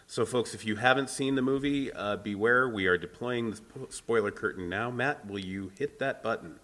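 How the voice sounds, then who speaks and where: A man's voice: lowish voice, normal speed, pushed and bright. A man co-hosting a casual film podcast, talking in long, wordy runs and often restarting his phrases. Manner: wordy, self-correcting, builds points in long lists. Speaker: podcast co-host. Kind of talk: casual movie review chat.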